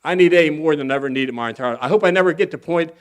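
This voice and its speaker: A man's voice: a little high, very fast, clear, resonant tone. Folksy man telling his recovery story. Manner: folksy, candid and earnest with a bit of humor; acts out other people's voices when quoting them. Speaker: guest speaker at a recovery convention. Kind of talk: personal recovery story talk.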